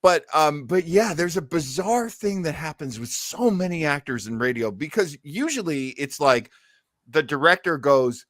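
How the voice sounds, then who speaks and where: Musing higher-voiced male podcast host. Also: expressive, a bit bright, no room sound, clean studio sound. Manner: musing, explanatory, pauses to find words. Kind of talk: casual chat about old radio.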